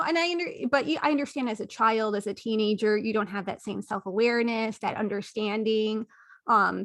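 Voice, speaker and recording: A woman's voice: medium pitch, a bit bright, no echo, studio quality. A woman hosting an interview podcast, affirming her guest and reflecting aloud as she works through her thoughts. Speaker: podcast host. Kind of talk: casual interview conversation.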